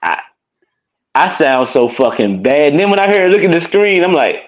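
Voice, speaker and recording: A man's voice: a little high, big pitch swings, moderate pace, lo-fi sound, slight background noise. A young man, co-hosting a stream in casual chat and telling stories with lots of profanity. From Memphis, Tennessee. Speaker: stream co-host.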